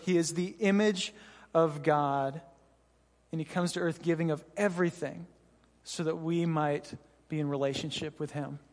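A man's voice: on the high side, in a large hall. A man pastor giving an earnest, conversational sermon to his church, with frequent "you know" asides. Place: church hall.

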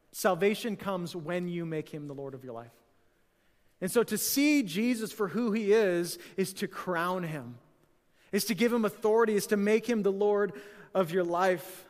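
A male pastor preaching a conversational sermon, full of fillers and repeats, swinging between loud excited bursts and quiet, earnest lows. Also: big-room sound. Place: church sanctuary.

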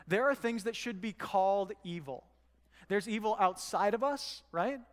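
A man with a high voice preaching a sermon as pastor. He speaks in a conversational way and asks the congregation rhetorical questions. His voice carries a long reverb from the church hall. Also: moderate pace.

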